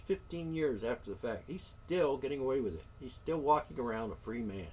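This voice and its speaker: A man's voice: mid-range voice, lively intonation, brisk, few pauses, a little mellow, far from the mic, a little hiss or hum. Indignant, profane man ranting on his show. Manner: indignant, profane, with sighs and sarcastic asides. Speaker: show host. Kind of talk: solo talk show rant.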